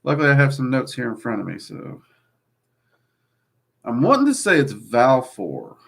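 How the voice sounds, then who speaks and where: Man, Southern accent mixing Kentucky and Louisiana, casual livestream host, gravelly voice, hesitant and chatty. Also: medium pitch, sing-song, moderate pace. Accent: mixed Kentucky and Louisiana Southern. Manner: rambling, hesitant with many ums, friendly asides. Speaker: host answering live chat.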